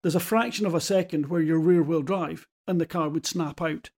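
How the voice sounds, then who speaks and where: A man's voice: a little high, normal speed, darkish tone. A man talking as a rally pundit in casual analytical chat, often restarting and repeating words as he searches for them.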